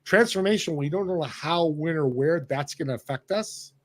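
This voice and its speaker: A man with a fairly high voice tells stories with energy and emphasis. He acts out both sides of the conversations he describes. He talks into a podcast microphone. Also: moderate pace. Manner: animated, emphatic storyteller who acts out dialogue. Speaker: podcast guest. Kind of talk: storytelling in conversation.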